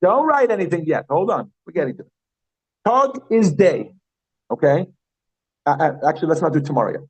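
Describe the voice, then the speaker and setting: A man teaching an evening class, with a voice a little higher than most men's. He is chatty and repeats new words slowly, often stopping to ask the room questions. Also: big pitch swings, breathy edge, dull audio. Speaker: Yiddish teacher. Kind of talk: classroom lesson.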